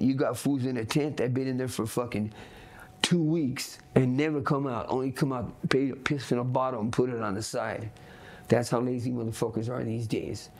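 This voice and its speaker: A man's voice: medium pitch, vocal fry, a little mellow. A man, telling his stories bluntly and profanely in an interview, often asking "you know what I mean". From Los Angeles. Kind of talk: candid storytelling interview.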